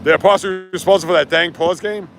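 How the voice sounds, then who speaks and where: A man hosting a casual sports livestream outdoors while walking, ranting and reading chat comments in an animated way. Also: high voice, quick pace, noisy background.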